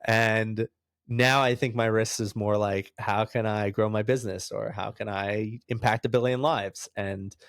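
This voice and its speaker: A man's voice: on the low side, measured pace, clean tone, no room sound, clean studio sound. A man in his thirties from New York, telling stories with frequent laughter as a podcast guest. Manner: animated storyteller, laughs often, acts out other voices. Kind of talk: casual storytelling interview.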